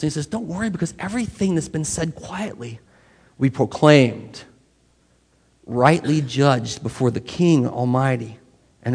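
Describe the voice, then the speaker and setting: This pastor's voice sits on the high side and sounds slightly rough, echoing with the long reverb of a large church sanctuary. He delivers his sermon in a conversational style, frequently putting questions straight to his congregation.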